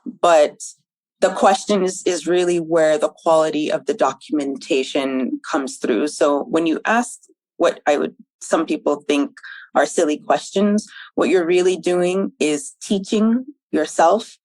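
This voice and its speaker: A woman guest on a podcast interview, answering in a thoughtful, measured way with frequent ums. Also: low voice, steady tone, a little mellow, no echo, poor audio. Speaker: podcast guest, documentation manager.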